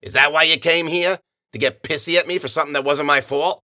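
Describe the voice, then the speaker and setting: A man's voice: on the high side, fairly even intonation, brisk, bright, forceful tone, dry recording, clean studio sound. A man voicing a blunt, dismissive male fixer who brushes off complaints. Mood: gruff.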